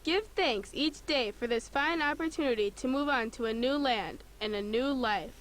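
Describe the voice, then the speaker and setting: A woman's voice: high voice, moderate pace, lightly acted. A woman voicing a hardy, plainspoken pioneer woman in a computer game. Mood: content.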